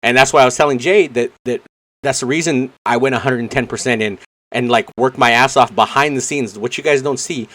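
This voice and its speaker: A man's voice: medium pitch, brisk, fairly bright tone. A man co-hosting a casual gaming podcast, talking earnestly and rambling with frequent restarts. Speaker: podcast co-host.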